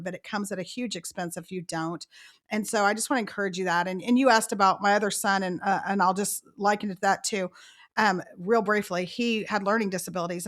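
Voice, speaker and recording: Animated woman telling stories. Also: mid-range voice. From Texas. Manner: animated storyteller acting out quotes. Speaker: author and guest. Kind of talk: storytelling interview.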